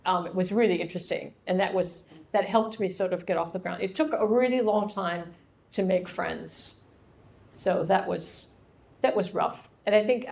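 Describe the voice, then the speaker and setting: A woman's voice: mid-range voice, gravelly, a little mellow. Middle-aged woman from ohio, author taking questions at her book launch, chatty and laughing, acts out little conversations. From Ohio, USA. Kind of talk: casual Q&A talk.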